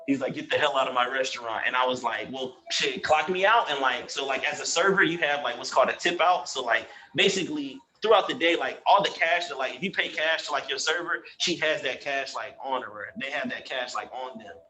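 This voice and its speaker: A man's voice: mid-range voice, brisk, few pauses, poor audio. A young man telling a story in casual slangy chat, acting out both sides of an argument. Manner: animated, slangy, acts out both sides of a quarrel. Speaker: podcast guest telling a story.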